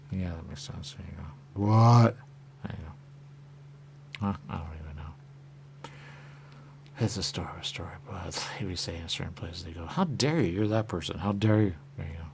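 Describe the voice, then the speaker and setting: A man's voice: deep voice, vocal fry, darkish tone, a little hiss or hum. A man talking in a rambling monologue who keeps repeating the same stock phrase and drifts into whispers. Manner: repetitive, keeps saying "there you go", drifts into whispers. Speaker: radio talk host. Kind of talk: rambling stream-of-consciousness monologue.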